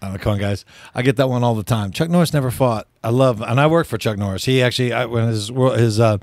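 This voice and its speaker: A man who is a former fighter, talking as a guest in earnest, halting sentences. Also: medium pitch, a little mellow, dry recording. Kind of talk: casual interview.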